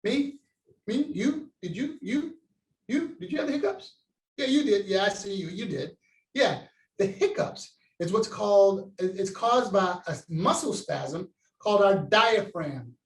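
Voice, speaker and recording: A man with a high voice leads children through a science lesson, calling out words for them to repeat back. He speaks from some distance off the mic in an echoey room, so his voice rings and sounds far. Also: a little slow. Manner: animated, call-and-response prompting; gestures while talking, stands and demonstrates. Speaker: science educator. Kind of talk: interactive kids' science lesson.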